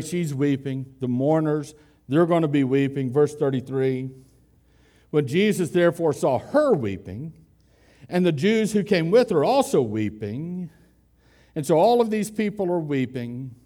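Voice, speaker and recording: A man preaching a conversational expository sermon, putting questions to his listeners and slowing down to stress key words. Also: mid-range voice, mellow. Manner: conversational, asks the congregation questions. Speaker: pastor.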